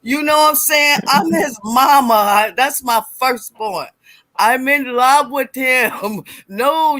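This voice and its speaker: A middle-aged woman telling a personal story in a casual, animated way, acting out voices and laughing as she goes. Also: sits high, no room sound. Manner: animated, acts out quoted voices, laughs often.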